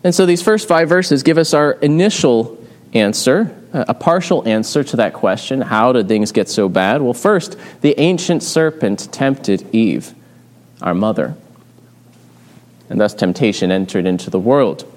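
Man preaching a measured, explanatory sermon. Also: medium pitch, lively intonation, darkish tone. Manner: measured and explanatory, with frequent "uh" pauses. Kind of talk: expository sermon.

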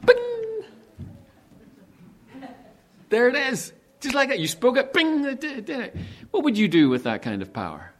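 A man preaching a sermon with animated delivery, asking rhetorical questions and slowing down to stress key words. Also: very high-pitched. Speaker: pastor.

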